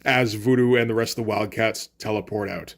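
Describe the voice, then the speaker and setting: A man's voice: on the low side, fairly even intonation, brisk. Chatty man reviewing a comic. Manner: loose and chatty, acts out dialogue, swears freely.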